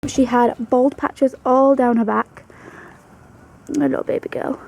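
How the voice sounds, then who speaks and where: A young woman tells her pet's story in a casual home vlog. Her voice sits a little high yet mellow and dark in tone, with a gravelly fry. She talks fondly and coos softly to her rabbit between stories. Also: fairly even intonation, measured pace, a little hiss or hum, low-quality recording. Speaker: pet vlogger.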